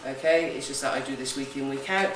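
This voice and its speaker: A woman with a very deep voice and a quick pace, speaking in a West Country accent, runs a ghost hunt as a psychic. She's chatty and jokey while briefing a group, often saying "okay?". A distant camera records her in a large echoey room in an old building, with a noisy background.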